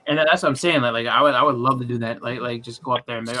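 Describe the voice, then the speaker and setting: A man's voice: mid-range voice, fairly even intonation, fast talker, hardly any pauses, bright, forceful tone, a little hiss or hum. A man chatting casually in a podcast, rambling with many restarts and acting out little scenes. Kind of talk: casual chat.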